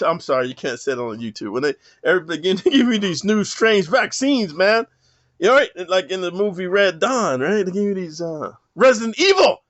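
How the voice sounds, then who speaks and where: A man giving a rambling, profane monologue to camera, rough street talk full of "man". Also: high voice, a bit bright, no room sound. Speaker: self-help vlogger. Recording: dull lo-fi dry sound.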